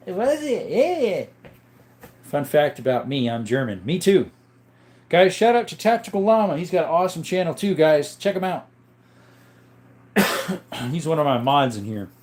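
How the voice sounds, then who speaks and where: A man's voice: fairly high pitch, a little mellow. Upbeat young man hosting a live chat. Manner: chatty, greets viewers by name, upbeat. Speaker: livestream host reading chat.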